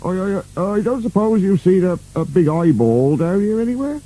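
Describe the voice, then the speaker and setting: A man's voice: fairly high pitch, wildly swooping pitch, slow, dark tone, husky, pitched above the performer's own voice, full character voice, low-quality recording. A man voicing a small, nervous, bumbling male creature servant who frets and exclaims. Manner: nervous, flustered, exclaims often.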